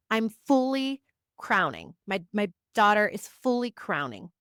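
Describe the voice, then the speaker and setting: A woman's voice: medium pitch, very animated, measured pace, fairly bright tone, clean tone, no room sound, studio quality. A woman, a psychic reader, talking casually to camera, stacking short emphatic affirmations and chatty asides. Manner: chatty, frequent "like" fillers. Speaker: psychic reader and spiritual teacher. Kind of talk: casual personal monologue to camera.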